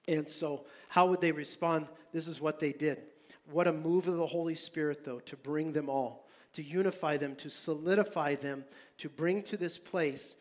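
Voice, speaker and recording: A man in his fifties preaching a sermon, animated, swinging between loud urging and hushed asides. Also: on the high side. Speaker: pastor.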